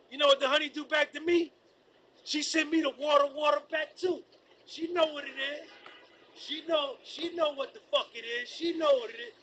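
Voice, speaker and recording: High, bright-voiced man streaming live. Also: slight background noise, low-quality recording. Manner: animated, repetitive, sings snatches. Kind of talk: rambling casual commentary.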